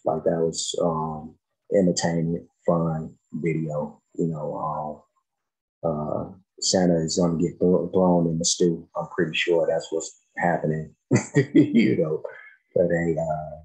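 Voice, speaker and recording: A man's voice: rumbling low, level tone, a little slow, warm tone, rough recording. A man giving laid-back, slangy reaction commentary on a song. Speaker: music reaction host.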